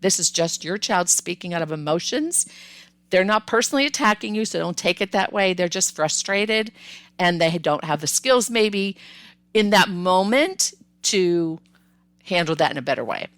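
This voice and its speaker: An older woman hosting a parenting podcast, giving advice in a calm, firm, instructive way with repeated emphasis. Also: fairly low pitch, moderate pace, dry recording.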